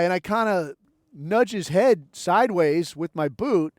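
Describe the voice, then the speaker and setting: Podcast host, male, high-pitched, wry and foul-mouthed storyteller, dry close sound. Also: very animated, unhurried, no room sound. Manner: profane, rambling, wry. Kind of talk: casual storytelling monologue.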